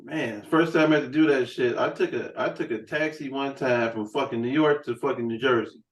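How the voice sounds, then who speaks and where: A man's voice: mid-range voice, fairly quick, distant mic. Guy hosting a podcast, cussing and rambling, mid-range voice, roomy echo. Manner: loose, profane storytelling. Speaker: podcast host. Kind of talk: casual chat. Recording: roomy room sound, set back from the mic.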